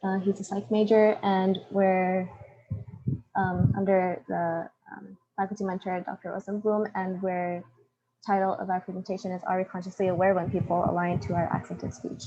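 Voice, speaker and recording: Young woman with a mellow voice presenting. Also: mid-range voice, little pitch movement, normal speed, highs cut off, a little hiss or hum. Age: young adult. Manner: hesitant, restarts sentences, casual fillers like "like". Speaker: undergraduate researcher presenting. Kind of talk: academic presentation. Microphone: computer mic for an online presentation.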